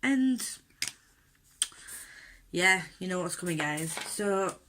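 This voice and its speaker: A woman's voice: lowish voice, lively intonation, slow, fairly bright tone, a little hiss or hum. A woman vlogging at home while doing her makeup, telling an upsetting story candidly and indignantly with lots of fillers. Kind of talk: unedited get-ready-with-me rant.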